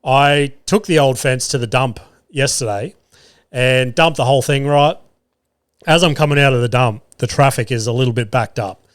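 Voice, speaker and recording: An Australian man in his young adult years hosts a podcast alone and rambles through an animated story, swearing freely. His voice sits at a middle pitch. The sound is dry and close, with no room around it. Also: moderate pace, no echo. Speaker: podcast host. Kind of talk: casual storytelling monologue.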